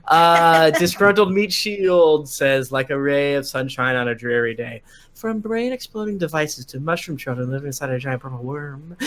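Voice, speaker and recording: A man's voice: on the high side, a bit bright. A man on a live-streamed podcast who casually reads listener reviews aloud, rattling through them with frequent "uh"s and little chuckles. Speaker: podcast cast member reading listener reviews. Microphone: desk mic on a live stream.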